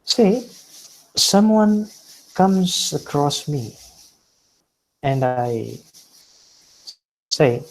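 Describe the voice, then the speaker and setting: A man giving a recorded lecture on pronunciation, speaking deliberately, repeating example words and often starting points with "See". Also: fairly high pitch, expressive, vocal fry, a little hiss or hum, rough recording.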